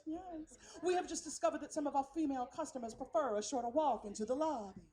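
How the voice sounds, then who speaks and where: A woman's voice: high voice, fast talker, dark tone, close to an everyday voice. Woman doing a beaming Southern concierge. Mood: sweet.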